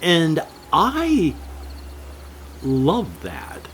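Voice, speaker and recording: An older man talking in a slow, rambling, casual monologue about games, drifting from topic to topic and chuckling now and then. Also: fairly high pitch, wildly swooping pitch, fairly bright tone, slight background noise. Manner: slow, meandering, jumps between topics with chuckles. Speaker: gaming vlogger.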